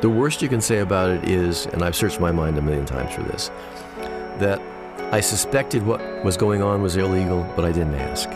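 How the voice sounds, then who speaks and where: Older man on a phone call, deep voice. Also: animated, moderate pace, over music.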